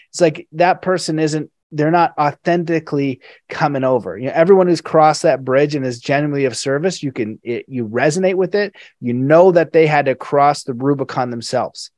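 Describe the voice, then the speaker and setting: A man hosting a podcast, speaking earnestly and reflectively, with many fillers and bursts of excited quoted exclamations. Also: on the high side, brisk, dry recording. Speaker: podcast host. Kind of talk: casual interview chat.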